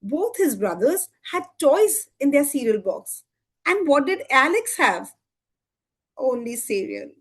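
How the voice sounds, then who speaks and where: A woman telling a lively children's story at a storytelling evening, with expressive voices and sound effects. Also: high voice, takes it slowly. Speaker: storytelling student. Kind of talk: live storytelling performance for children.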